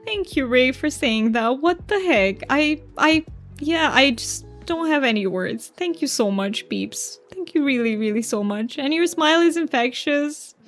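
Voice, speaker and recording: A woman streaming a game live, reading viewer messages aloud in casual chat. She talks softly and emotionally, laughs often and stumbles over her words. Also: high-pitched, lively intonation, unhurried, faint music behind. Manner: soft-spoken, emotional, laughs often, stammers and restarts.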